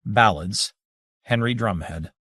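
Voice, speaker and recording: A man reading an audiobook aloud in measured, dramatic scripted narration. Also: lowish voice, fairly bright tone, slightly rough, dry recording, clean studio sound.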